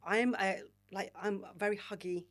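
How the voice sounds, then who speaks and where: A woman's voice: medium pitch, fairly even intonation, normal speed, a bit bright. A woman, a podcast guest who talks candidly, swears freely and calls people babe and mate. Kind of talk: casual podcast interview.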